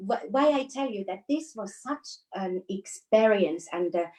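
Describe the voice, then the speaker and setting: A Finnish woman with a mid-pitched voice, speaking English with a Finnish accent as an interview guest. She tells stories in a relaxed way, laughing often and pausing to search for words. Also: poor audio. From Finland. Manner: storytelling with frequent laughs and hesitations. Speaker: guest, dancer. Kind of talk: casual interview chat.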